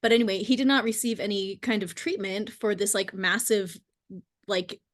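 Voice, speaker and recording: A woman hosting a casual conversation, chatty and quick to laugh, with lots of fillers. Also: medium pitch, steady tone. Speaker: podcast host.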